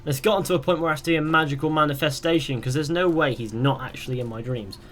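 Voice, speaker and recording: A man's voice: a little high, fast talker, a bit bright. Rambling young male gaming streamer. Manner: rambling, reads chat questions aloud and answers them. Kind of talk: casual live-stream chat.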